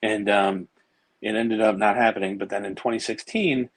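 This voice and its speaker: Low-voiced man telling rambling stories. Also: steady tone, moderate pace, no room sound, low-quality recording. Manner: rambling, profane, many fillers and restarts. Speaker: podcast guest. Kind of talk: casual storytelling.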